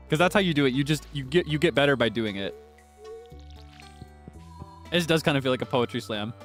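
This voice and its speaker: A man's voice: mid-range voice, a bit bright. A man casually chatting to his viewers while streaming a game, talking straight to them and breathless from laughing fits. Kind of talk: casual gameplay stream chat.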